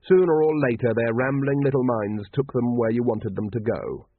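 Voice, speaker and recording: A man's voice: mid-range voice, moderate pace, dry recording. A man narrating a comic fantasy audiobook in a wry storytelling manner. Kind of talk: scripted narration. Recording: dry, tinny, phone-like sound.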